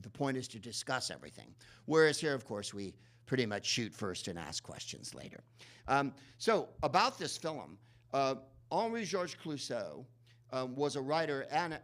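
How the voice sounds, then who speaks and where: A male host gives a live, comic introduction to a film in a cinema. He rambles sardonically and leans on many ums and restarts, in a voice of middling pitch. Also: a bit bright.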